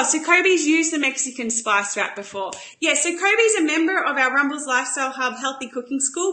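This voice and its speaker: An enthusiastic woman chats her way through a live cooking demonstration. Her voice sits a little high and sounds bright and forceful. It rings with echo from the kitchen. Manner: bubbly, enthusiastic, chatty. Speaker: cooking show host.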